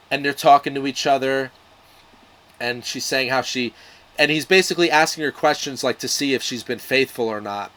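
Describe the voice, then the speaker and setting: A man's voice: mid-range voice, moderate pace, bright, forceful tone. A man talking casually to camera, retelling a miniseries plot in a loose, profane way, with lots of restarts and fillers. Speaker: video reviewer.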